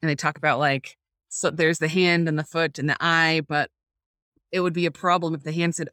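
A woman's voice: low voice, steady tone, fairly quick, fairly bright tone, no echo, clean studio sound. A woman speaking earnestly as a guest about faith and parenting over a video call, reflecting aloud and searching for words. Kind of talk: faith-based parenting talk.

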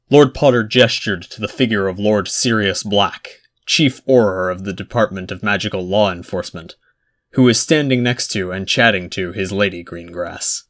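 A man narrating a fan fiction chapter aloud in a measured storytelling manner. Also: on the low side, fairly bright tone. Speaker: audiobook narrator.

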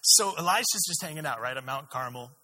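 Male preacher, husky and sharp-toned, animated storyteller acting out scenes, church hall reverb. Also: a little high, fairly quick. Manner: animated, laughing, acts out characters. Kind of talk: sermon storytelling.

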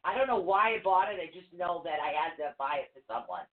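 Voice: medium pitch, animated, quick pace. A co-host of a talk show chatting frankly and casually. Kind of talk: casual radio chat. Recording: tinny phone-like line.

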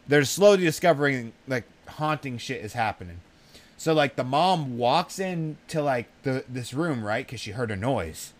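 A man's voice: mid-range voice, lively intonation, moderate pace. A man co-hosting a casual podcast who tells stories in a rambling, easily sidetracked way. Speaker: podcast co-host.

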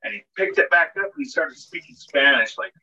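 Husky rambling man. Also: a little high, expressive, fairly quick, bright, forceful tone. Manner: rambling, heavy filler words, swears. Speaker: podcast co-host. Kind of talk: casual storytelling. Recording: dull lo-fi podcast audio.

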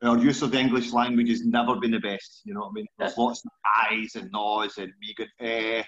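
A man's voice: medium pitch, expressive, a little fast, a bit bright, lo-fi sound. A Scottish man in his forties hosting a podcast interview in a chatty, self-deprecating way. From Scotland. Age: 40s. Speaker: podcast host. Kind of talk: casual interview chat.

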